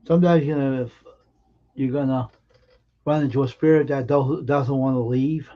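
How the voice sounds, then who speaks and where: A man telling personal anecdotes on a live stream in an earnest, emphatic way, with halting restarts. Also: medium pitch, fairly even intonation, highs cut off. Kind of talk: casual storytelling on a live stream.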